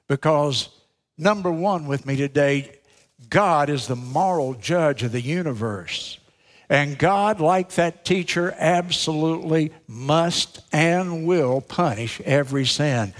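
Male preacher, earnest direct sermon delivery, slightly high-pitched voice. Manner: earnest, addresses listeners directly. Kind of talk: sermon with storytelling.

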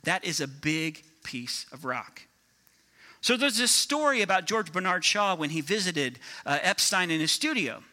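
A man's voice: high-pitched, measured pace. A man preaching a sermon with energy, often asking the congregation for agreement. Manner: energetic, asks the crowd for agreement. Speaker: pastor.

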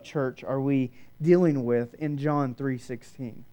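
A man preaching a sermon, shifting between loud emphatic declarations and hushed, quiet passages. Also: mid-range voice, takes it slowly, hardly any pauses. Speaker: pastor.

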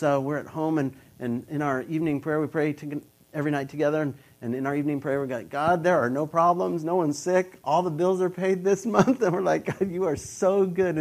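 An older man preaching a sermon, swinging between loud emphatic urging and quiet reflection, often repeating words as he builds a thought. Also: a little high. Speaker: pastor.

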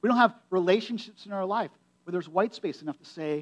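A pastor with a notably high-pitched male voice delivers a sermon. He talks to the congregation in a casual, conversational way and drives his points home by repeating key phrases. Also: a little fast, few pauses. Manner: conversational, emphatic preaching with repetition.

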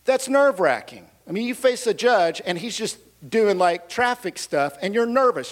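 A man's voice: high voice, lively intonation, normal speed. A man preaching a sermon, telling a humorous personal story with asides and questions to the audience. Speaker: pastor.

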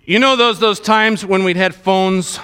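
A man's voice: high-pitched, fairly even intonation, unhurried, bright, forceful tone, clean tone. A middle-aged man preaching a sermon as a pastor, earnest and conversational, with asides to his audience.

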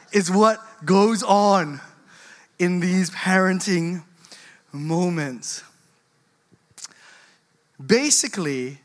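Slow, animated parenting speaker. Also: medium pitch. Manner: animated, laughs through the story. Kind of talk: storytelling talk to parents.

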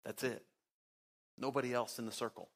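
A man preaching a sermon as pastor, talking conversationally with sarcasm, his pitch and loudness jumping as he acts out quotes. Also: fairly even intonation, moderate pace, vocal fry. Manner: big swings in pitch and loudness.

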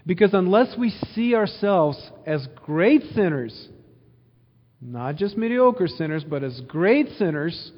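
A man's voice: high voice, big pitch swings, slow. Man preaching a sermon in a reverberant hall. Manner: earnest preaching with repetition and rhetorical questions. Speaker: pastor. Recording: dull sound with long hall reverb.

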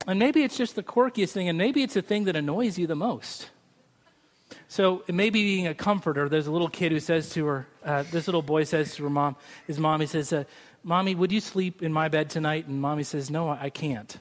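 A man's voice: on the high side, fairly quick. A man preaching a sermon in a chatty, humorous way, joking with his listeners. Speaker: pastor. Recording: long hall reverb from a large room.

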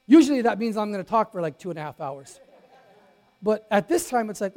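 Storytelling preacher with swinging loudness. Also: male voice, sits high, brisk. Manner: storytelling, lively swings from loud to quiet, many restarts. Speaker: pastor. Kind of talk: sermon.

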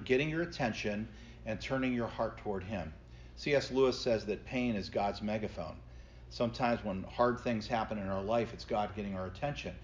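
A man's voice: medium pitch, a little hiss or hum. A middle-aged man, a pastor, teaching a Bible study class and explaining scripture earnestly to his group. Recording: slightly dull lo-fi recording.

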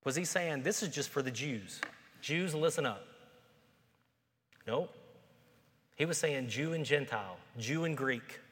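A man delivers a sermon in a church, mixing relaxed conversational asides with rising, forceful declarations. His voice sits at an ordinary middle pitch. A long reverb from the hall trails each phrase. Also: unhurried, pauses often. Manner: conversational preaching that builds to loud, emphatic peaks. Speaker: pastor.

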